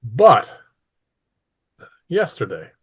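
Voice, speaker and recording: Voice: mid-range voice, huge pitch swings, husky, heavily acted. A man voicing a menacing tyrant queen. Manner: smug, menacing, slow and deliberate. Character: cold, scheming female ruler who threatens townsfolk.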